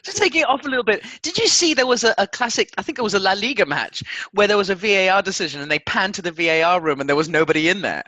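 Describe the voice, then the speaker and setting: A man co-hosting a sports podcast in casual chat, excitable and laughing often. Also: sits high, quick pace, hardly any pauses, dry recording. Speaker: podcast co-host.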